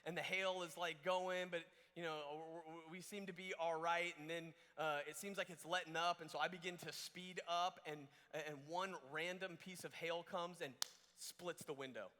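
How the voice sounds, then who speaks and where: A young man from Georgia telling a story as a camp speaker, animated and full of restarts and fillers, in a large auditorium on a stage mic. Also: on the high side, moderate pace. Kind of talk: storytelling sermon. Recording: long hall reverb.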